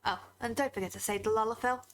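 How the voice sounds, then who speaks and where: A woman reading game dialogue as a rough-edged rebel mechanic rousing his crew for a fight. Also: fairly high pitch, steady tone, quick pace, a little hiss or hum, natural voice.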